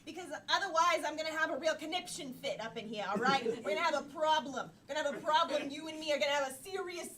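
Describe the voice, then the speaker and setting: A woman performing in an improv comedy scene, brash and playful, fast with her lines. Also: sits high. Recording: live crowd, mic at a distance.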